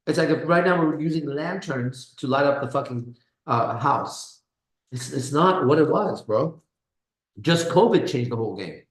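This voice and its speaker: A man's voice: fairly high pitch, lively intonation, normal speed. A man hosting a live stream in casual chat, boastful and swearing with slangy talk, in a kitchen. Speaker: host. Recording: echoey room.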